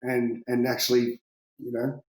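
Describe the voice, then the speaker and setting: A man, a big-wave surfer, telling stories in a casual interview, lively and swearing freely, laughing and acting out what people said. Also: mid-range voice, measured pace. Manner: animated, swearing, laughing, acts out quotes. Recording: roomy echo.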